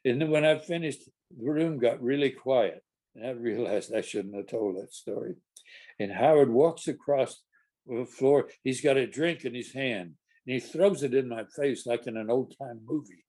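A man's voice: mid-range voice, moderate pace, mellow. An older man, a stage actor, telling a rambling, amused backstage anecdote with frequent restarts. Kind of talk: casual anecdotal storytelling.

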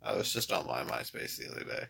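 A man's voice: very deep voice, big pitch swings, fast talker, vocal fry, pushed and bright, breathy edge. A man in casual chat, teasing and joking, who keeps yawning and sounds tired. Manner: joking, teasing, laughs often.

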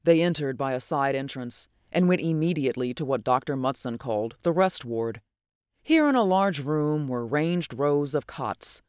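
A narrator reading a novel aloud with an even storytelling cadence. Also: mid-range voice, smooth, no echo, clean studio sound. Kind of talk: audiobook narration.

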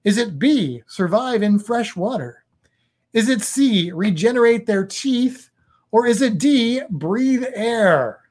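A man's voice: high-pitched, lively intonation, slow pace, a little mellow. A man hosting a casual quiz chat, reading multiple-choice questions with playful jokes. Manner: playful, jokey quizmaster. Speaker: host.

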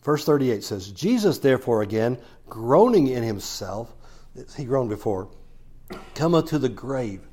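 A man preaches a sermon in a husky voice, his pitch swinging widely as he retells a Bible story. He acts out the quoted lines and talks the story through in a plain, conversational way. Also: big pitch swings, unhurried, mellow.

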